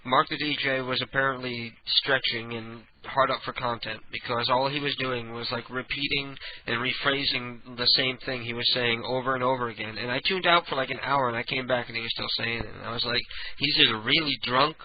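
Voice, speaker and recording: A man's voice: mid-range voice, fairly even intonation, fairly quick, hardly any pauses. A man hosting a radio prank show in casual, rambling chat, joking and laughing often. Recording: dull lo-fi radio recording with faint hiss.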